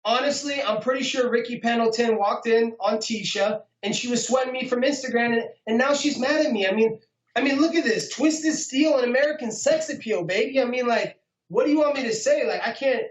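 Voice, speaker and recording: A man's voice: very high-pitched, a little fast, breathy edge, no echo, highs cut off. A man being interviewed as a fighter, talking trash in a cocky, mocking, boastful way.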